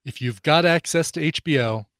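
A man's voice: a little high, moderate pace, fairly bright tone. A man co-hosting a podcast in casual chat, enthusiastic and playful. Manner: enthusiastic, playful, full of fillers. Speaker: podcast co-host.

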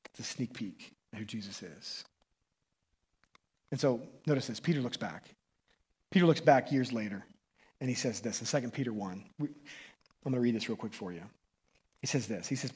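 A man preaching a sermon as pastor, casual and excitable, often restarting and tagging lines with "right?". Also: medium pitch, moderate pace, pauses often, slightly rough. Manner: conversational, excitable, frequent restarts and "right?" tags.

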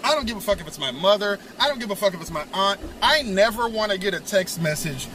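A man's voice: high-pitched, animated, quick pace, noisy background. A man in casual podcast chat, talking bluntly and repeating his point for emphasis. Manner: blunt, emphatic, repeats the same phrase for effect.

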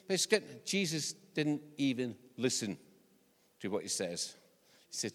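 Scottish preacher in a reverberant church. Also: male voice, medium pitch, moderate pace. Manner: animated, conversational, joking asides. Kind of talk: sermon. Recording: long church-hall reverb.

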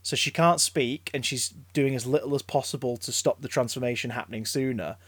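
Guy on a podcast, rambly and excited, stumbles over words, dead dry sound. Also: mid-range voice, brisk, husky, dry recording. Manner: excitable, rambling storyteller who stammers and restarts. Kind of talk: casual chat.

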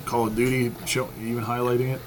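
A man's voice: mid-range voice, level tone, fast, slight background noise. A man co-hosting a podcast in casual chat, making dry, wry remarks. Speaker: podcast co-host.

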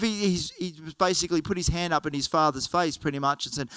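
Aussie preacher telling a story in a sermon, earnest, high clear voice. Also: male voice, fairly even intonation, quick pace, few pauses, pushed and bright, no echo. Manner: storytelling, earnest, acts out the characters.

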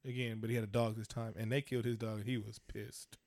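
A man co-hosting a podcast, teasing and cursing loudly with lots of laughter. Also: on the low side, level tone, quick pace, no room sound, studio quality. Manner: loud, teasing, laughing, profane. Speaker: podcast co-host. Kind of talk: casual banter.

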